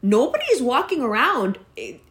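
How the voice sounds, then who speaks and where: A woman's voice: a little high, huge pitch swings, normal speed, fairly bright tone. A woman in her forties delivering a profane, exasperated rant that scolds her listeners. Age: 40s. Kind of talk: ranting monologue.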